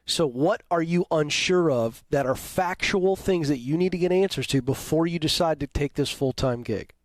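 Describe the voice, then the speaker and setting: Male career coach on the radio, somewhat high voice, calm and probing, dry mic. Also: normal speed, no room sound. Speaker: radio advice host. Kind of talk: call-in advice.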